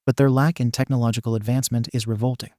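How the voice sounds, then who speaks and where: A man voicing a cold, calculating male robot villain in a storybook reading, flat and logical. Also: medium pitch, rapid-fire, no room sound, clean studio sound, natural voice.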